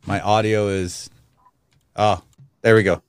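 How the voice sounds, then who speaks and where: A man's voice: on the low side, level tone, slow pace, clean tone, no echo. A man co-hosting a podcast, chatting casually and joking around with his co-host on a live stream. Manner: joking, playful, teasing. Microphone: desk mic over a streaming call.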